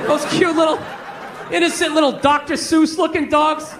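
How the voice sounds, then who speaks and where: A male stand-up comic with a very high voice, ranting in an exasperated, profane way. The audience laughs, and noise rises from the room during the live show. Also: level tone, moderate pace, a bit bright, a faint crowd. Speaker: stand-up comedian. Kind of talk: stand-up comedy set.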